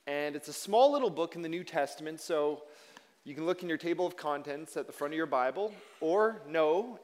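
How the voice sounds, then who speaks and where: A man preaching as a pastor, chatty and self-deprecating as he teaches from the pulpit. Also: fairly high pitch. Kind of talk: sermon. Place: church sanctuary. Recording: long reverb of a large hall.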